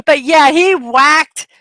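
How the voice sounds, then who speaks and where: Her voice sits high, bright and forceful, with no room sound. She's a middle-aged livestream host chatting casually from her home computer desk, wandering through stories with plenty of fillers and laughter.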